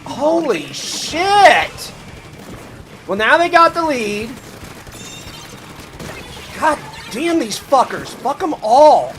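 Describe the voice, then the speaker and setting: A man streaming a video game live, swearing and yelling at his team, then dropping into low, rambling chat. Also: very animated, extremely slow, pauses often, soft background music. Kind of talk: live gameplay commentary.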